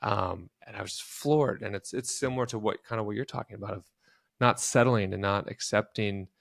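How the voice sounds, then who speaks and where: A man's voice: fairly low pitch, fairly quick, creaky, dry recording, studio quality. A man co-hosting a podcast, telling a personal story in an earnest, reflective way. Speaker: podcast co-host. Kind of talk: casual podcast conversation.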